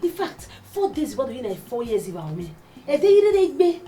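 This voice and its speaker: A woman's voice: high-pitched, sing-song, fairly quick, dark tone. An actress playing a teasing young female friend with a Nigerian accent, laughing through banter.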